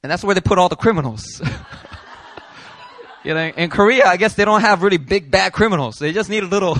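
A man preaching a sermon as a pastor, telling a story in an animated way, acting out the people he quotes and laughing as he goes. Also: high voice, a little fast. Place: church hall.

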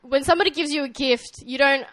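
A woman's voice: sits high, quick pace, fairly bright tone. A young woman from Australia with an Australian accent, preaching as a guest pastor in a friendly manner with frequent ums and light laughter. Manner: friendly, laughs often, fillers like um and uh. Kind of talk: sermon.

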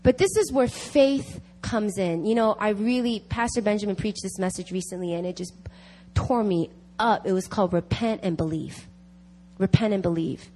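A woman's voice: mid-range voice, normal speed, dark tone. A woman giving an emphatic sermon at a prayer meeting, repeating key phrases to drive them home. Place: church meeting.

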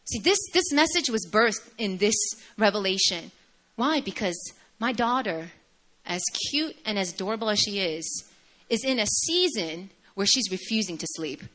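A young woman preaching a sermon in a conversational, animated storytelling manner. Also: mid-range voice, normal speed.

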